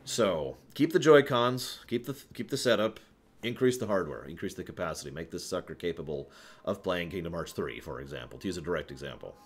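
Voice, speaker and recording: A man's voice: deep voice, expressive, fairly quick. A man answering viewer questions on a casual live stream, rambling, correcting himself and chuckling as he goes.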